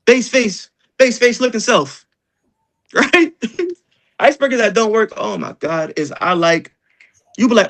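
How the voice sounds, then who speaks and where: A man leading an energetic sales training session, joking and acting out doorstep exchanges. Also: high-pitched, normal speed, pauses often.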